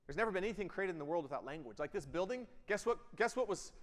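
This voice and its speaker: A man delivering a keynote to a room of listeners, talking quickly in a voice pitched a bit high. He pushes hard on key lines and then drops to quiet intensity. The sound carries a long reverb from a large hall. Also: animated. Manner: emphatic, swings between loud bursts and quiet intensity. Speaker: keynote speaker. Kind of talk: energetic keynote speech with audience interaction. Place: event hall.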